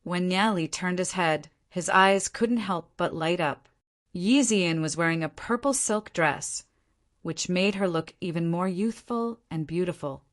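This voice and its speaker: A woman reads a novel aloud as an audiobook narrator. Her voice sits a little low for a woman, and she keeps the storytelling steady and even. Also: a little slow.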